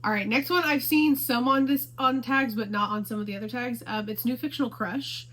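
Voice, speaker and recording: A woman talks straight to the camera about her favorite books in a casual, gushing way, often repeating herself to stress a point. Her voice is fairly high and very bright, with a forceful, lively edge. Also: fairly quick, rough recording. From Houston, Texas area. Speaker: book vlogger.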